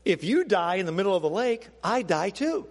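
A man voicing a sly, scheming male scorpion in a sermon story, smooth and persuasive. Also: high-pitched, very animated, a little fast, in a large hall, full character voice.

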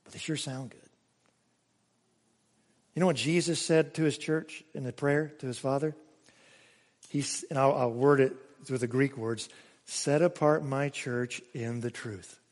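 A male pastor preaching a sermon, emphatic, swinging between raised exclamations and hushed asides. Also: mid-range voice, in a large hall. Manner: emphatic preaching with sudden rises and hushed drops.

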